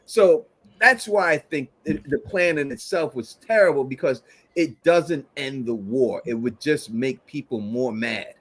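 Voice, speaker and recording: A man's voice: mid-range voice, unhurried. Emphatic man arguing a point. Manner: emphatic, argumentative, swears. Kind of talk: casual livestream chat.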